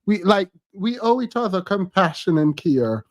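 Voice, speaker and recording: A woman's voice: mid-range voice, sing-song, moderate pace, no echo. A woman streaming her reaction to a clip, laughing often and mocking what she hears in casual commentary.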